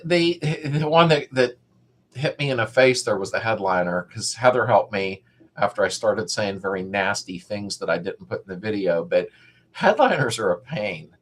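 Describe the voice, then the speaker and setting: Man, middle-aged, husky voice, rambling live chat host. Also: lowish voice, lively intonation, moderate pace, fairly bright tone. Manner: rambling, reads chat comments aloud and greets viewers by name. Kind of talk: casual live chat with viewers.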